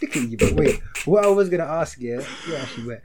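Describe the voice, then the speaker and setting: A man's voice: a little high, lively intonation, heavy background noise. A young man, co-hosting a podcast in casual, teasing chat over a video call. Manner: teasing, quick, breaks into laughter. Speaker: podcast co-host.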